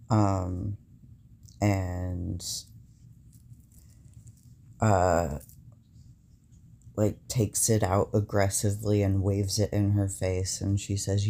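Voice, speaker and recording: A young man recounting a stressful personal event in a halting, casual way, with many fillers. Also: on the low side, gravelly, mellow.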